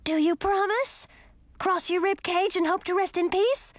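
A woman reading aloud, voicing a pile of talking skulls in a high squeaky put-on voice for a storybook. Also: a little slow, dry recording. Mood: bargaining.

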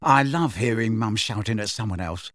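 A man voicing a mischievous teenage boy with a cheeky, quick way of talking. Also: on the low side, a bit bright, dry recording, clean studio sound, lightly acted.

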